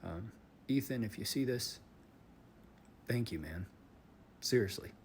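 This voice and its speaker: A man telling a personal story in a candid, casual monologue, swearing freely and shifting between calm and worked-up. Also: on the low side, a little slow, breathy edge. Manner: candid, swears often, emotional swings. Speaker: vlogger.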